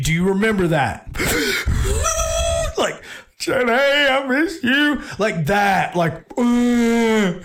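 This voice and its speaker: An adult man hosting a sports talk show, telling a rambling story in a casual monologue with many restarts. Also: a little high.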